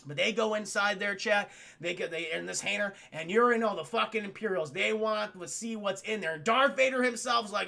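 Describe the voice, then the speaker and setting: A young man on a stream retells a movie to his chat, rambling, animated and swearing freely. His voice is high and gravelly. The tone is bright and forward. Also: brisk.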